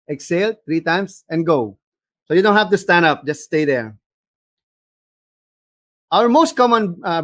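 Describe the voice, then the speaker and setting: Animated Filipino man teaching voice. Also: high-pitched, dry recording. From Philippines. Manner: animated, mixes in Tagalog phrases, demonstrates voices. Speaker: voice acting coach. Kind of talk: seminar lecture.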